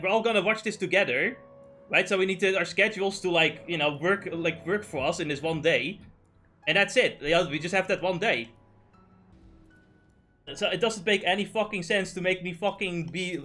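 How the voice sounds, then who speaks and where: A high, bright man talks fast and heatedly, swearing as he vents about a frustration while gaming. Light game music plays behind him. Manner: ranting, profane, exasperated. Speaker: streamer. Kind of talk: casual gaming chat.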